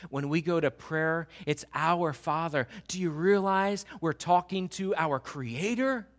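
Bright-voiced preacher swinging quiet to loud. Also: male voice, on the high side. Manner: swings from hushed, slow prayerful passages to loud, rising exhortation; storytelling with many restarts and quoted voices. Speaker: pastor. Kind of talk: sermon.

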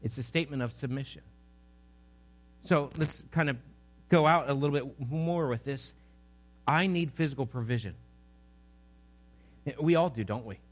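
A man's voice: medium pitch, moderate pace, pauses often. A man preaching a sermon with growing passion, often repeating words as he speaks. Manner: impassioned, builds in intensity, repeats words. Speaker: pastor.

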